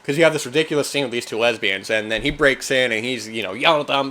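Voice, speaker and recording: A fast-talking man with a mid-range voice hosts a film podcast, reviewing in a loose, wandering chat. He often throws in "man" and becomes animated when he mimics reactions.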